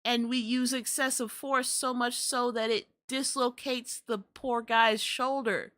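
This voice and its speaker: A woman's voice: a little high, steady tone, unhurried, a bit bright. A young adult woman hosting a podcast, ranting in exasperated, profane commentary. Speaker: podcast host.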